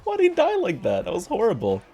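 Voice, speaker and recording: A man's voice: high-pitched, huge pitch swings, fast, noisy background. A young man hosting a casual movie review chat, rambling and swearing, laughing often between remarks. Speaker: video host.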